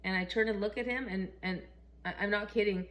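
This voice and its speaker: A middle-aged Canadian woman telling a story casually in a vlog, chatty and animated, laughing often and acting out the quotes. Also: medium pitch, brisk. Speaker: vlogger.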